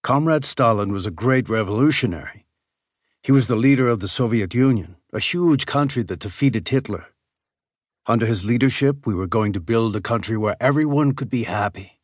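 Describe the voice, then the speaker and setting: A man voicing a patient father who calmly explains things to his small son in an audiobook. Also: mid-range voice, moderate pace, no room sound, clean studio sound, natural voice. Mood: solemn. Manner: calm, steady explaining.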